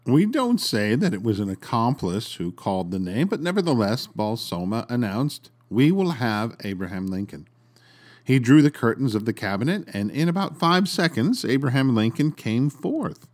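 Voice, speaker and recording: A man hosting a podcast and reading a story aloud in an expressive, dramatic way. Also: mid-range voice, moderate pace, hardly any pauses. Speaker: podcast host and narrator. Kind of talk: storytelling narration.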